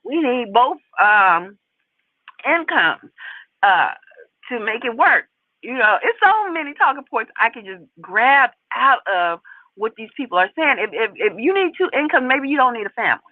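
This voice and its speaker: Animated woman ranting over a tinny line. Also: on the high side, moderate pace, no room sound. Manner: animated, talks straight to viewers, lots of repeated emphasis. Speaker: commentary channel host. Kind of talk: casual opinion commentary. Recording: tinny phone-like sound, dry.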